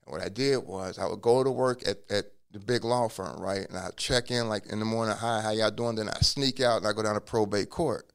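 A man telling his life story in a relaxed interview, acting out what people said to him. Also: fairly low pitch, a little fast, vocal fry, few pauses, smooth. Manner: acts out quoted dialogue in a lively way; casual, drops curse words. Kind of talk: conversational storytelling.

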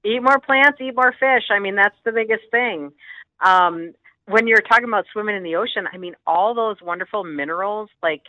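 A woman's voice: mid-range voice, normal speed. Therapist lady guest, upbeat, punchy advice lists, kinda dull muffled sound, no room echo. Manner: upbeat, laughs often, lists advice with emphasis. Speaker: psychotherapist guest. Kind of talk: casual interview chat.

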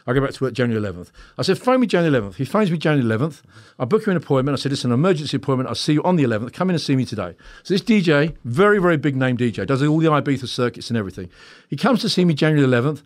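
A man, a hypnotherapist guest on a podcast, telling stories bluntly, swearing freely and acting out both sides of conversations. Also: medium pitch. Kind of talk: animated storytelling in a podcast interview.

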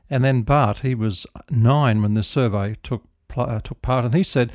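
Casting note: middle-aged minister, gentle storytelling, dry studio sound. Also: male voice, medium pitch, moderate pace, hardly any pauses, dry recording. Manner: gentle storytelling, prayerful close. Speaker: devotional host, minister. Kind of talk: radio devotional talk.

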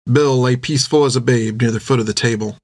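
A man narrating an adventure audiobook with steady storytelling. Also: mid-range voice, quick pace, dry recording.

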